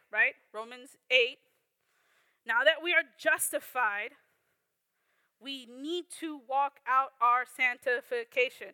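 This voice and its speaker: A woman's voice: sits high, pushed and bright, no echo. A young woman teaching a Bible lesson in an earnest, conversational way, often checking in with "right?". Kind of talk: sermon.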